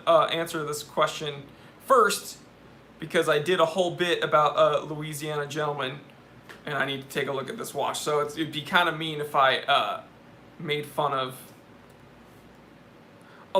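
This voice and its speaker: A man's voice: fairly high pitch, sharp tone, a little hiss or hum. A young man hosting a live watch Q&A stream, reading viewer questions and giving candid, joking opinions.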